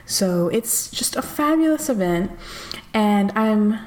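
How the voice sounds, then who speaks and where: With a medium-pitched, expressive and slightly mellow voice, this US woman takes her time as she hosts a podcast. The talk is a relaxed interview, and she gushes, bubbles over and laughs readily.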